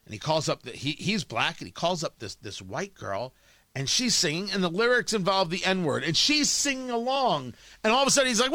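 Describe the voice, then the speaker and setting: A man's voice: high-pitched, very animated, a little fast, sharp tone, no echo. A man hosting a talk show, delivering an opinionated, emphatic monologue and often repeating words as he restarts a thought. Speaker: radio talk host.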